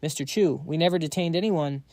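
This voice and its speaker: A man's voice: a little high, a little fast, a little mellow, no echo, studio quality, natural voice. A man voicing a nervous, fawning male monk henchman. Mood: tense.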